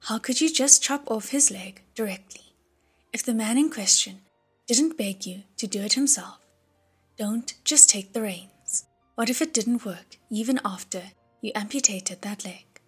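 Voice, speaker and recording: A woman voicing a critical young male attendant in an audiobook, speaking low and reproachfully. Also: measured pace, husky, faint music behind.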